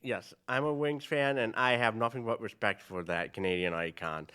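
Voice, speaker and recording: A man co-hosting a casual sports chat show, easygoing, with quick asides and long run-on sentences. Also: lowish voice, sharp tone, smooth. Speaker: sports podcast co-host.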